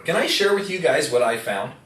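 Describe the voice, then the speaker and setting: A little high and a bit bright, this man's sing-song voice moves briskly through a live product demonstration. Before an indoor audience, he tells folksy stories and quizzes the crowd, captured in an echoey room on a distant mic with faint noise.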